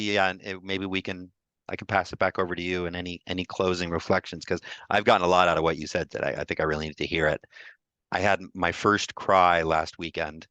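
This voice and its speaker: A man's voice: low voice, bright, forceful tone, clean tone, no echo. A man, a grief therapist, sharing openly and emotionally on a video call, often restarting his sentences. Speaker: co-host of a mindfulness support group.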